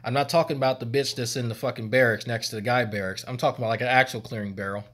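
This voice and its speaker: A man's voice: mid-range voice, steady tone, very fast, fairly bright tone. A man, a former army medic, telling stories on a stream in a rambling, profane and laughing way. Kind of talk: casual storytelling on stream.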